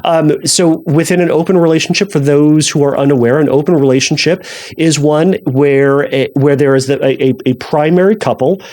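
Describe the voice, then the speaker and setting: A man's voice: a little high, moderate pace, darkish tone. A man hosting a podcast solo, talking loosely and conversationally with many restarts, with self-deprecating humor. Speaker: podcast host. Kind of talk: casual solo podcast talk.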